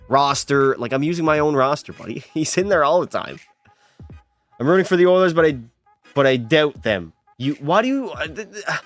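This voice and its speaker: A young man live-streaming a hockey video game, chatting and teasing his viewers as he plays. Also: a little high. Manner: chatty, teasing, banters with chat.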